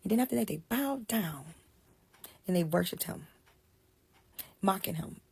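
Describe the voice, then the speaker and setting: A woman retelling a Bible passage in a casual, animated way, explaining as she goes and often dropping to a hushed whisper. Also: medium pitch, normal speed, creaky, long pauses, slightly rough, no room sound. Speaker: Bible storyteller.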